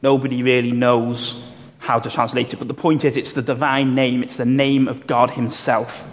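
A man preaching a sermon, explaining Bible passages in a measured way and slowing down to stress key phrases. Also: medium pitch, little pitch movement. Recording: long hall reverb, faint room noise.

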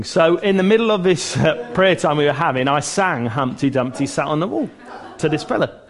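His voice runs on the high side, expressive and moderately paced. Delivering a casual church teaching, he stays earnest and talkative, often restarting phrases and joking at his own expense.

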